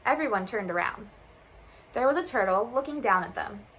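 A woman volunteer reading a children's picture book aloud in an expressive, storytelling manner. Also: on the high side, normal speed, slight background noise, poor audio. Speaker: volunteer reader.

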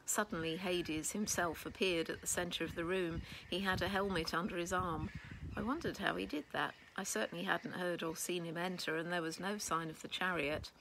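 Low gravelly woman reading a storybook. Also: moderate pace, a little hiss or hum, rough recording. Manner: expressive first-person storytelling. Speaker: children's book reader.

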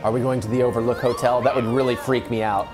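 A man narrates his let's play in a fast, flat, medium-pitched voice. He talks casually and rambles, hushed because it's late, laughing often while video game music plays behind him.

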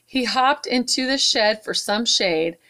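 Slow, expressive storytime reader, woman. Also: on the high side. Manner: warm, expressive read-aloud with asides to kids. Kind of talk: reading a picture book aloud to children.

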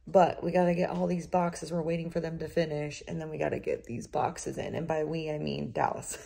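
Young woman vlogger, lowish pitch, loose rambling delivery with self-mocking asides. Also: creaky, dark tone, slight background noise. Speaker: vlogger and new mother. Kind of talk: casual vlog chat.

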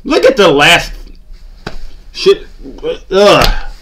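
Male sports-channel host, slightly high pitch; exasperated, sarcastic fan rant. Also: animated, moderate pace, a bit bright, slight background noise. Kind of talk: ranting fan commentary.

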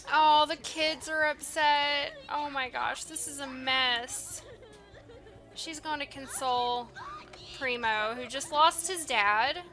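A woman's voice: high voice, slow pace, pushed and bright, soft background music. A woman doing casual gameplay commentary, reacting with dismay and talking to the characters on screen. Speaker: let's play host.

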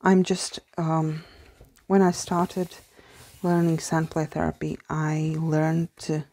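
A woman speaking English as a second language, chatting softly through a casual book haul vlog and slipping into hushed whispers of delight. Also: sits low, completely flat delivery, takes it slowly. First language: not English. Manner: soft-spoken, often drops to a hushed whisper in awe; hesitant, with fillers and restarts. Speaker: vlogger.

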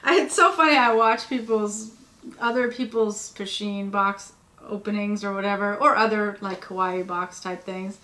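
A woman's voice: mid-range voice, moderate pace, sharp tone. Tired, gushing woman unboxing cute items. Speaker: vlogger. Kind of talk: casual unboxing chat. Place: home workspace. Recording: echoey room with faint ambience.

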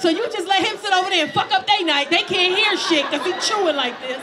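A man doing crowd-work stand-up at a comedy club, loud and profane, laughing between his jokes. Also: very high voice, fast. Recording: loud crowd and room noise.

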